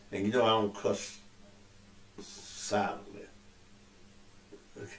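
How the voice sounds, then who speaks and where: A man with a cold, hosting his own show with loud, profane commentary that swings between low mutters and outbursts. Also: little pitch movement, slow, pauses often. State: suffering with a cold. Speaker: show host. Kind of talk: casual talk-show commentary. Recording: echoey room.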